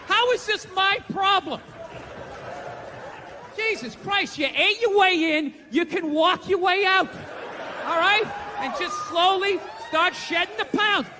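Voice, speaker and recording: A male stand-up comedian, profane and ranting, shouting his punchlines during a live routine. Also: very high-pitched, slight background noise. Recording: live theater with long reverb and faint ambience.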